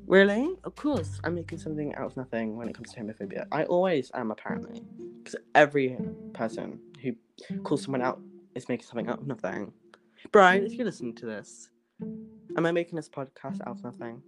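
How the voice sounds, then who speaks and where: A young podcast host telling a story in a sarcastic, animated rant and swearing often. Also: mid-range voice, fast. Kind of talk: ranting storytelling. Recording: music playing behind the voice. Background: music.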